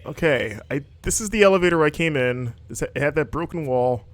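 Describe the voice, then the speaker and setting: A man's voice: a little high, lively intonation, a little fast. A man hosting a game livestream, chatting casually and joking while narrating his own play. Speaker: game-playing host. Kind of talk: casual livestream gameplay commentary.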